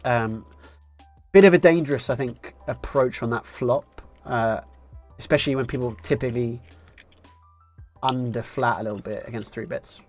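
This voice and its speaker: A man's voice: mid-range voice, moderate pace, soft background music. A man streaming live poker, musing through his decisions and thinking aloud with wry asides.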